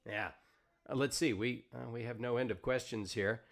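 A man's voice: medium pitch, steady tone, normal speed, vocal fry. A man hosting an interview podcast, reading out viewer questions with hesitant fillers. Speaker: podcast host. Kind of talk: casual interview chat.

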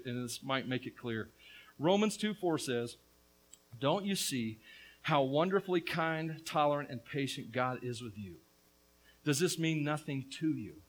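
A middle-aged man preaching a lively, joking sermon, with quick asides to the congregation. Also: mid-range voice, low-quality recording. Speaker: pastor.

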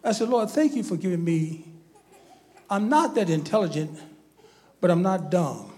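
A man preaching a fiery sermon, moving from quiet asides to shouted preaching. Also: high voice, big pitch swings, normal speed.

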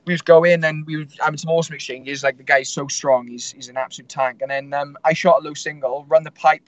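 A man's voice: fairly high pitch, steady tone, quick pace, dry recording, lo-fi sound. A man, a fighter telling stories in a casual interview, rambling with lots of fillers. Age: 20s. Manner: rambling storytelling with many fillers. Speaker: MMA fighter guest.

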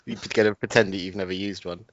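A man's voice: low voice, fairly even intonation, fast, a bit bright, dry recording, lo-fi sound. A young man co-hosting a podcast, joking and teasing his partner. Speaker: podcast co-host. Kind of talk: casual podcast chat.

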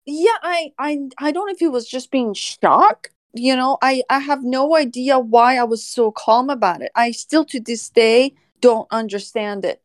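A woman's voice: high-pitched, unhurried, few pauses, no echo. A woman animal services officer telling a story casually on a podcast, often laughing as she talks.

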